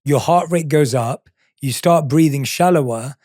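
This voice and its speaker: A man's voice: on the high side, measured pace, darkish tone, dry recording, studio quality. A man hosting a podcast interview, chatting casually and agreeing supportively with his guest. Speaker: podcast host.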